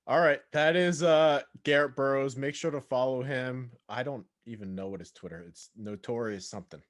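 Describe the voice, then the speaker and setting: A man's voice: mid-range voice, moderate pace. An upbeat man hosts a casual podcast in an ordinary mid-range voice. He talks loosely and swears now and then. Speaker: podcast host.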